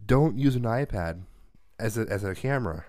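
A man's voice: on the low side, animated, normal speed, crowd noise. A man co-hosting a podcast in casual chat, ranting and swearing freely as he tells a story. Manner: profane, ranting. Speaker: podcast co-host.

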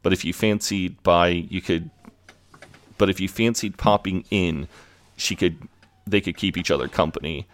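A man co-hosting a podcast, casually recapping a TV episode and acting out lines in a raised voice. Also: moderate pace. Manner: casual, swears, acts out quotes in a higher voice. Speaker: podcast co-host.

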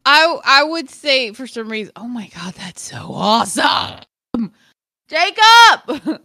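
A woman co-hosting a casual chat, animated and swearing freely. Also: fairly high pitch, moderate pace, no echo, clean studio sound. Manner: animated, swears freely, slips into joking voices. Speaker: podcast co-host.

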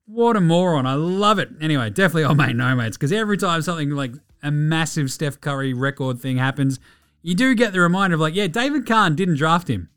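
A man's voice: a little high, lively intonation, fast talker, fairly bright tone, clear, resonant tone. Sweary Australian man ranting. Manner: ranting, profane, mocking. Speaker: podcast host. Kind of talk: casual sports commentary.

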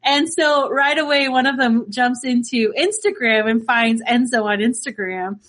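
Excitable, giggly woman podcast co-host. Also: fairly high pitch, normal speed. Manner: excitable, laughs often while telling stories. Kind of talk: casual chat.

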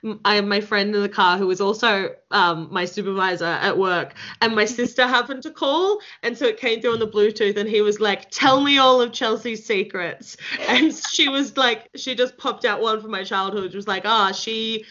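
A young woman hosting a casual podcast chat, friendly and quick to laugh. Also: mid-range voice, a bit bright, muffled recording. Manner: friendly, laughs often, bits of filler. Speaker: podcast host.

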